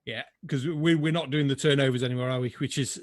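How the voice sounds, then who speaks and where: A man's voice: medium pitch, fairly even intonation, quick pace, no room sound, clean studio sound. A man hosting a pub quiz over a video call, chatting casually with sarcastic asides and the odd swear word.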